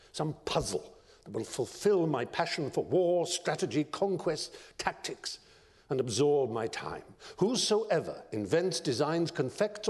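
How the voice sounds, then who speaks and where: A man's voice: mid-range voice, slightly rough, exaggerated voice. A man voicing a restless, power-hungry ancient emperor with grand, commanding delivery. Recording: long reverb of a large lecture hall.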